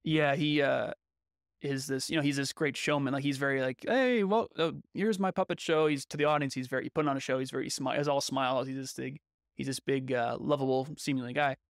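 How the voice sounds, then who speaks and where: A man's voice: medium pitch, little pitch movement, fast talker, creaky, no echo, clean studio sound. A man co-hosting a podcast in casual discussion, talking in a thoughtful, analytical way and sometimes searching for words. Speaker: podcast co-host.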